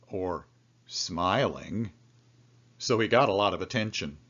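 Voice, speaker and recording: A man reading a children's picture book aloud, telling the story in an expressive way. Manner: slow, expressive storytelling with lively pitch swings. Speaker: storybook reader. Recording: dull lo-fi recording.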